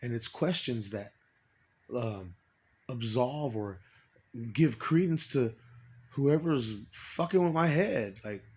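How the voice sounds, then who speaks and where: A man in a rambling personal monologue, swearing often, stopping and restarting, and trailing off quietly. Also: mid-range voice, animated. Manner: profane, halting, trails off quietly.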